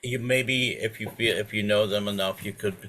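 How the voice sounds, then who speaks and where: A man on a video call, talking at length in a halting way with many restarts. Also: lowish voice, steady tone, sharp tone. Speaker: participant. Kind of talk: casual video call chat.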